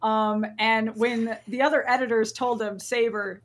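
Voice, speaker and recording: A young woman guest on a podcast, telling jokey made-up stories with a deadpan delivery over a remote call. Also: on the high side, normal speed. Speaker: podcast guest, video editor. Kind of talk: casual podcast chat.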